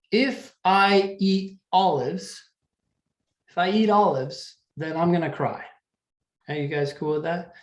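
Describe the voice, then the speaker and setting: A man's voice: fairly high pitch, roomy sound. A man teaching a live test-prep class, explaining step by step in a conversational way and often checking in with the students. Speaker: LSAT teacher.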